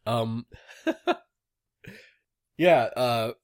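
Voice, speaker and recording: A man's voice: medium pitch, lively intonation, extremely slow, no room sound, clean studio sound. A man chatting casually about a video game, rambling with many fillers and enthusiasm.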